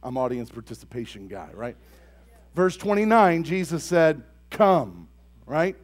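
Young male pastor, high animated voice, conversational sermon that swells into forceful emphasis. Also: a little slow. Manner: builds to loud emphatic bursts; conversational, asks the congregation questions.

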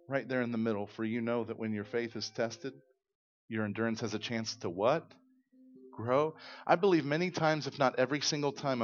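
A man preaching to his church in a middle-pitched voice, retelling scripture with lively, acted-out storytelling. The sound is slightly dull and muffled. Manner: animated storytelling, acting out voices. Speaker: pastor. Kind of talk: sermon.

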